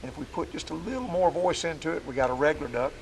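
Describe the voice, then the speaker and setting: A fast-talking man with a slightly high voice teaches duck calling outside among the trees. He's a plainspoken, folksy instructor demonstrating calls during a hunting lesson, and the poor audio carries a bit of hiss or hum.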